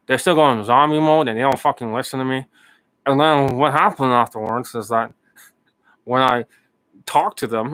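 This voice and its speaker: A man's voice: mid-range voice, a bit bright. A man talking as a dating coach in a casual monologue, profane and mocking, often acting out his students in a raised voice.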